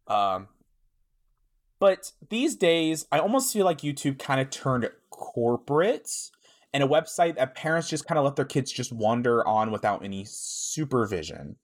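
A man's voice: medium pitch, sing-song, measured pace. Podcast guy, average voice, rambles a lot, tons of um and you know. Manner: rambling, full of fillers and asides. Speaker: podcast co-host. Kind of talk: casual chat.

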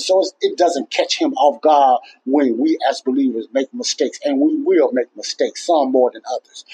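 A man's voice: fairly high pitch, mellow, breathy edge, low-quality recording. A man hosting a casual Christian talk show, rambling and repeating himself in an earnest, plainspoken way. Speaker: Christian podcast host. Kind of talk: casual faith talk to listeners.

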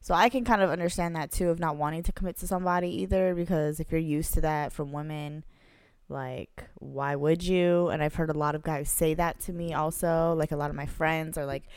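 Smooth, low-voiced young woman co-host. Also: fairly even intonation, fairly quick, a little mellow, no echo, studio quality. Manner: casual, slangy, thoughtful. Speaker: podcast co-host. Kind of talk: casual chat.

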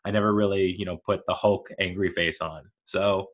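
A man's voice: sits low, fairly even intonation, moderate pace. A man in his thirties talking casually on his own show, rambling and laughing at himself, mild-mannered and never raising his voice. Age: 30s. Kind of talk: casual solo monologue.

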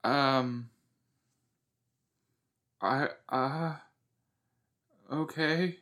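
A man's voice: medium pitch, drawn-out words. A man hosting a podcast, reacting casually and with lots of exclamations while watching a TV episode. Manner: exclaiming, chatty, loose and animated.

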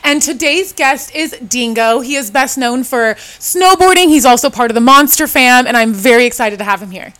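A woman's voice: sits high, animated, moderate pace, hardly any pauses, fairly bright tone. A woman hosting a podcast interview, chatting in an upbeat, casual way with many fillers. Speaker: podcast host.

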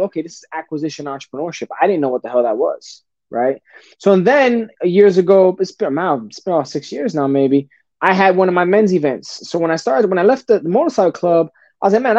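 A middle-aged man with a Bronx accent talks in blunt street slang and swears freely. His voice sits high for a man and sounds dull and lo-fi in a dry, close setting. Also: mellow, no echo. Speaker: podcast guest. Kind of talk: casual interview talk.

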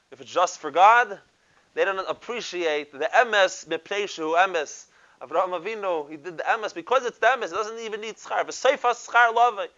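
A rabbi gives a Torah lecture in a bright, slightly high voice. He peppers his with Hebrew and Yiddish terms and keeps checking in with rhetorical questions. The recording sounds a bit dull and lo-fi. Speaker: rabbi teaching a class.

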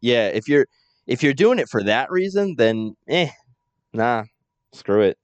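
A man's voice: mid-range voice, big pitch swings, unhurried, clean tone, no room sound, highs cut off. A man in casual podcast chat who often restarts and repeats words as he thinks.

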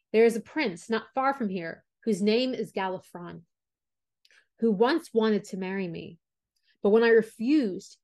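A woman's voice: medium pitch, a little mellow, lightly acted. A woman reading as a haughty fairy-tale princess. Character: proud young princess, haughty and firm.

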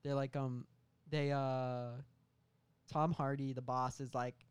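A young man co-hosting a casual comedy podcast, telling a made-up film plot with lots of fillers and quick bursts of silly voices. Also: mid-range voice, little pitch movement, smooth, no echo. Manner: rambling storytelling with many fillers and quick bursts of put-on voices. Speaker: podcast co-host pitching a film idea.

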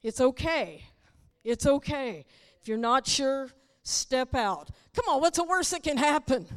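A woman with a high voice preaches a sermon in a church, teasing the front row and acting out quoted voices. Her manner is playful and lively. A long reverb hangs on her voice, as in a large hall. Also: a little slow. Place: church sanctuary.

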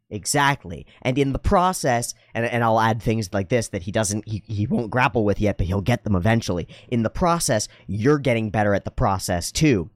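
A man's voice: on the low side, no echo, clean studio sound. A man hosting a podcast, talking casually and reflectively, acting out dialogue in different voices and swearing casually. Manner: animated storyteller, acts out dialogue in voices. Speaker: podcast host.

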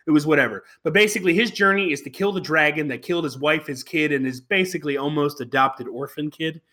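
Wry, rambling bright-voiced man. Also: a little high, fast talker. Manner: rambling, wry, fillers and restarts. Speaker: podcast co-host. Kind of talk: casual review chat.

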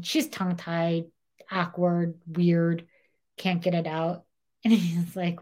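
A woman's voice: on the low side, slow pace, pauses often. Chatty young woman telling a story. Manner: animated, acts out quotes in dialogue, says "like" a lot. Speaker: podcast co-host. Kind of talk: casual true-crime storytelling.

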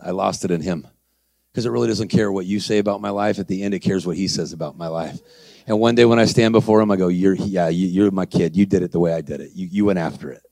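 Gravelly-voiced male preacher acting out a story. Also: low-pitched, a little mellow, no room sound. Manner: acts out dialogue, calls to the crowd. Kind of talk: sermon storytelling.

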